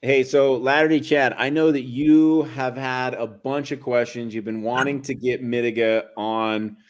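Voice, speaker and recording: A man hosting a live video call discussion, assertive and quick to cut in. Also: mid-range voice, fairly even intonation. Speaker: host.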